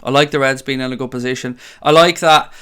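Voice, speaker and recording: A man hosting a casual fan livestream from a green-screen home studio, reading chat aloud, excitable and swearing freely. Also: medium pitch, fast, smooth. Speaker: fan channel host reading live chat.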